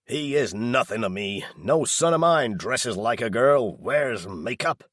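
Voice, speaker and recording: A furious, bullish stepfather growls and yells every word, his voice pitched up and straining above the narrator's own low tone. A man performs him for an audiobook, slow and heavy-hitting, with a husky grit that stays close and dry. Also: lively intonation, no room sound. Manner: snarling, contemptuous shouting. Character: stocky bullying stepfather, middle-aged man.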